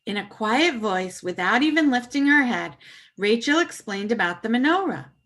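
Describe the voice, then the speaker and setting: A woman reading a children's story aloud with puppets, expressive and animated. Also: a little high, normal speed.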